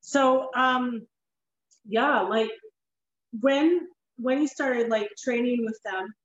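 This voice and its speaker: A high-pitched woman host talking loosely and bluntly, cursing as she rambles through her asides. Her voice comes over an online call, and the sound is dull and lo-fi. It rings in an echoey room. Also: takes it slowly, slight background noise. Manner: animated, blunt, swears freely, rambling asides. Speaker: podcast host. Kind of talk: casual interview chat.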